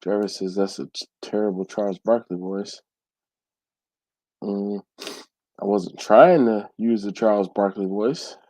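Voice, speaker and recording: Male livestream host, stuffy nose, warm mellow tone, dry close sound, easygoing chat. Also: lowish voice, measured pace, pauses often, no room sound, low-quality recording. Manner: relaxed, reads viewer comments aloud and answers. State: congested. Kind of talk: casual live chat. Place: home.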